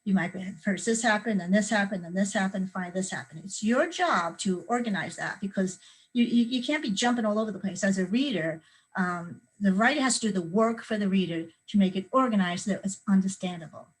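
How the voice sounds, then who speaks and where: A woman's voice: medium pitch, brisk, rough recording. A middle-aged woman, a children's author, leading a young writers' workshop and acting out scenes with sound effects to show how to add detail. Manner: lively, acts out scenes with sound effects and screams. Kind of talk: teaching kids creative writing.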